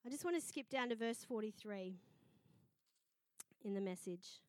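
Animated woman preaching. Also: medium pitch, normal speed, no room sound. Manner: lively storytelling, acting out quoted voices. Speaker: pastor. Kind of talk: sermon.

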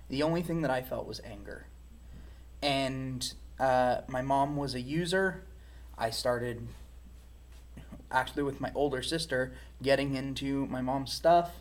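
A man's voice: mid-range voice, measured pace, darkish tone. A man speaking as an interview guest, giving a candid personal testimony in a reflective, frank way.

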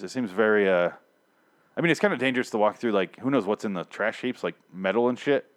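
A man with a somewhat low voice rambles through a casual episode recap. He swears freely, restarts his sentences and gets worked up as he talks. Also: fast talker. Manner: profane, rambling, animated. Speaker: TV show recapper.

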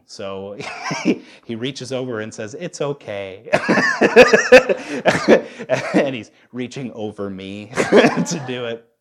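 A man in his thirties preaching a sermon as a pastor, candid and self-deprecating, often restarting his sentences. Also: mid-range voice. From United States.

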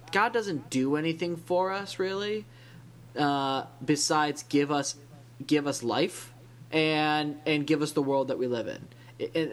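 A man's voice: on the high side, fairly bright tone. A man co-hosting a podcast in casual discussion, talking in a thoughtful, rambling way with many restarts. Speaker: podcast co-host.

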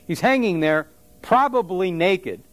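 Guy preaching, high voice, chatty and animated, dry close sound. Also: a little slow, no room sound. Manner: conversational, animated preaching with asides to the congregation. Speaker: pastor. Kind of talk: sermon.

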